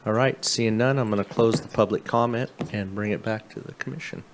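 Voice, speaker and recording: A man's voice: on the low side, fairly even intonation, brisk, a little hiss or hum. A man chairing a public commission meeting, giving brief procedural prompts.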